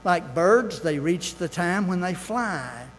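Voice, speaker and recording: A man's voice: high voice, expressive, slow pace, long reverb tail, slight background noise, low-quality recording. An older man preaching a sermon in a church, folksy and earnest, with asides and scripture quotes. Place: church sanctuary.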